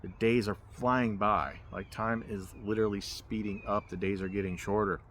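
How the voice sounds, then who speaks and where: Male vlogger, casual rambling storyteller, fairly low voice, outdoor recording with light noise. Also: steady tone, normal speed, a bit bright. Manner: rambling, filler-heavy, with restarts and 'like'. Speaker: spiritual vlogger. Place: outdoors in a hammock.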